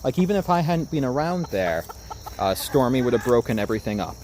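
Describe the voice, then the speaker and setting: A man from Japan chatting casually on a livestream about his chickens, recorded outdoors on a phone camera in a backyard, coaxing his birds in a soft sing-song. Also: mid-range voice, a little fast. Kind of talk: casual live-stream chat. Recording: outdoor phone recording with steady background noise. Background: chickens clucking, insects chirping.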